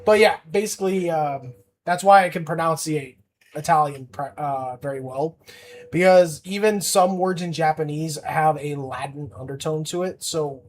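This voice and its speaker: A man's voice: fairly high pitch, normal speed, slight background noise. A young man chatting casually on a livestream as an art streamer, rambling with lots of fillers and restarts.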